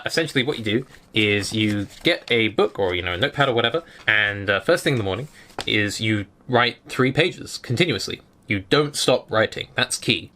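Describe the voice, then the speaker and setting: A man's voice: on the low side, pushed and bright. A young man with a West London English accent, talking casually to camera and explaining ideas with chatty enthusiasm. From England. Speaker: content creator.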